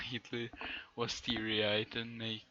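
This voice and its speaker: A man streaming, reading fan fiction aloud in a deadpan way and often breaking into laughter. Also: medium pitch, slow pace, lo-fi sound.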